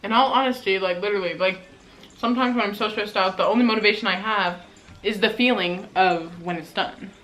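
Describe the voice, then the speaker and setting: Chatty bright-voiced teenage girl. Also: mid-range voice, brisk, soft background music, poor audio. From Colorado, USA. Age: teens. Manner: chatty, lots of "like" fillers, talks while eating. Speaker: vlogger. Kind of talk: casual mukbang chat.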